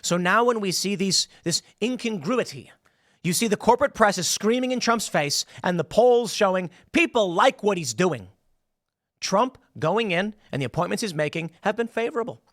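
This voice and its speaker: A man's voice: high-pitched, lively intonation, normal speed, a bit bright, no echo. A man hosting opinionated political commentary in a combative, sarcastic manner from a small studio.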